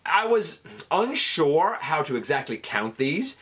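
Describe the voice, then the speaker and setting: A man's voice: a little high, very animated, measured pace. Male host for a fan countdown video, chatty and upbeat, voice that swings widely up and down, casual with plenty of fillers. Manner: chatty and enthusiastic, with fillers and restarts. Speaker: host counting down a top ten list. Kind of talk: casual fan commentary to camera.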